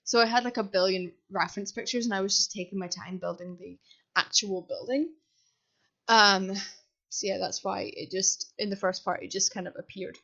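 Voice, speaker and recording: A woman's voice: mid-range voice, fairly even intonation, moderate pace, gravelly, a bit bright, lo-fi sound. A young woman from Britain, a university student, chatting casually and rambling in a self-deprecating way over a game build. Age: young adult. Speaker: sims builder voiceover. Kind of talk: casual voiceover chat. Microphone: desk microphone.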